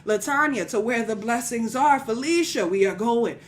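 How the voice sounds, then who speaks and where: A woman's voice: fairly high pitch, lively intonation, normal speed, a little hiss or hum. A woman leading a livestream prayer teaching, preaching in casual, colloquial speech, repeating phrases rhythmically and calling out listeners by name. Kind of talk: livestream sermon-style teaching.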